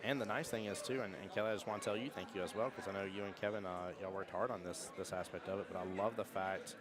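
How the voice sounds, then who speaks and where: Deep-voiced, fast-talking man over a crowd. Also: steady tone. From United States. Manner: chatty, rambling with restarts. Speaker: pool stream commentator. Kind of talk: live stream commentary. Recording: crowd noise.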